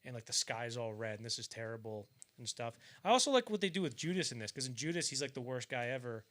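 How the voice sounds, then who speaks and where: Rambling, bright-voiced young man. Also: medium pitch, very animated, fast talker. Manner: rambling, filler-heavy, acts out bits of scenes in mock voices. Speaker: podcast co-host. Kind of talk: casual film discussion.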